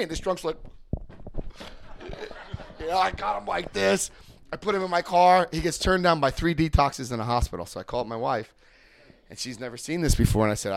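A man giving personal testimony and leading a recovery step study, telling stories with animated emphasis and repeated phrases. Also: fairly high pitch, brisk, vocal fry, dry recording. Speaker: recovery group speaker.

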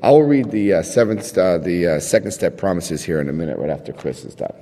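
A man sharing his story and reading aloud at a recovery meeting, retelling conversations with lively emphasis. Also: low voice, a little fast. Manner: animated, retells dialogue with emphasis. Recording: long reverb in a hall.

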